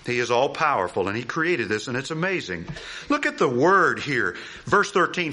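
A man preaching a sermon, animated and emphatic, asking rhetorical questions and repeating key phrases. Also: on the high side, moderate pace. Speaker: pastor.

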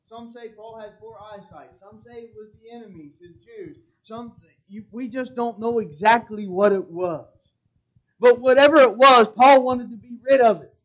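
A male pastor with a high voice preaches, reading scripture in old wording and pressing hard on key words. The recording is dull and lo-fi. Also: normal speed. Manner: emphatic, reads old-style scripture with swelling stress.

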